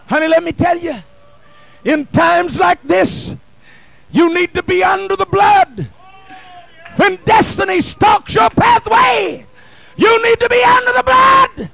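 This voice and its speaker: In a church sanctuary, a bishop delivers a Pentecostal sermon in a rhythmic, chanted, shouting style, captured on a poor-quality archival recording from 1980. His voice is gravelly and extremely high.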